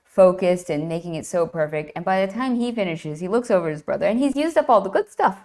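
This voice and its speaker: A woman guest retelling an ancient myth in lively, enthusiastic conversation, often restarting her phrases. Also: on the low side, fast talker. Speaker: guest, classics writer. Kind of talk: animated myth storytelling in conversation.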